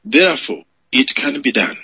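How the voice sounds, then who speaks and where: A man's voice: mid-range voice, sing-song, normal speed, sharp tone, slightly rough, no room sound. A man from Uganda giving an emphatic political speech to supporters, repeating phrases for effect. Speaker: political speaker. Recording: muffled lo-fi audio.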